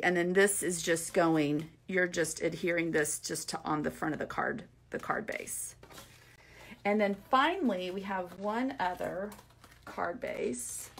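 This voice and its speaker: A woman's voice: on the low side, fairly bright tone, slight background noise. A woman giving a casual, upbeat craft tutorial, chatting to viewers as she walks through a card kit. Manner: chatty and upbeat, many fillers and asides. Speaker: craft demonstrator.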